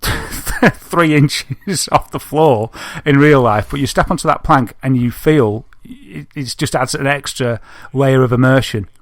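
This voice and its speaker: A man, co-hosting a podcast and telling an animated story, laughing often. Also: mid-range voice, unhurried, dry recording, studio quality. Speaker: podcast co-host. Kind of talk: casual chat, telling an anecdote.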